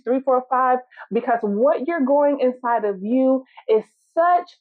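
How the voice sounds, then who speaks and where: A woman hosting her own solo podcast as a law firm owner, talking casually and encouragingly to listeners and telling stories. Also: sits high. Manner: encouraging, storytelling, direct address. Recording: tinny phone-like sound.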